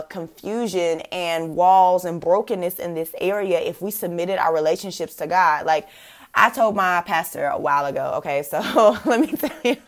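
Young woman podcast host, casual and animated faith talk, quick laughs, slightly low voice. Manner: animated, laughing, many likes and fillers.

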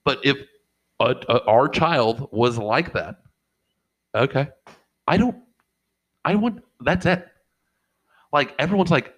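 A middle-aged man talks casually and swears freely. He rambles from story to story and acts out what people said. His voice sits at an ordinary middle pitch. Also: expressive, unhurried, long pauses, poor audio. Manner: profane, rambling storyteller who acts out quotes. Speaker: podcast co-host and father. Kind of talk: casual chat.

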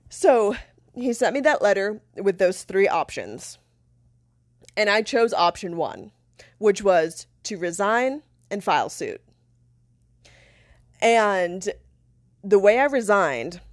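A woman's voice: mid-range voice, no echo, clean studio sound. A woman hosting a podcast, telling a personal story in a candid, profane, casual way, laughing often. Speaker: podcast host.

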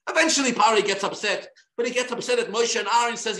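A man, a rabbi, teaching a Torah class in an animated way, repeating himself and restarting phrases. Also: very high-pitched, fast, few pauses, echoey room. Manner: animated, repetitive, many restarts.

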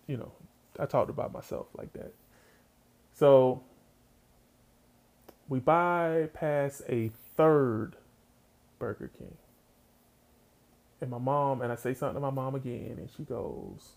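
A man's voice: medium pitch, gravelly, darkish tone. A man telling a funny childhood story in a casual, slangy way, talking straight to his listeners.

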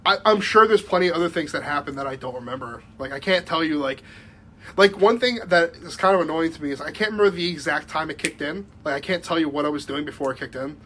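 A man's voice: fairly high pitch, fast, a bit bright, a little hiss or hum. A young man telling a rambling story in casual podcast chat, full of likes and restarts and laughing as he goes. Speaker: podcast guest.

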